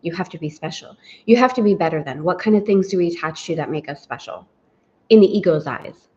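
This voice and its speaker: A woman's voice: fairly low pitch, expressive, brisk, darkish tone, highs cut off. A woman teaching a guided spiritual lesson, reflective and personal, often speaking her inner thoughts aloud.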